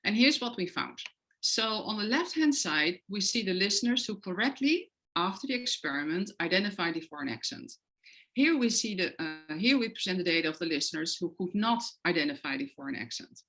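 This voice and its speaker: A woman's voice: medium pitch, lively intonation, brisk, fairly bright tone, rough recording. A woman with a non-native English accent giving an academic lecture, explaining her research with frequent hesitant fillers. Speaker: guest lecturer.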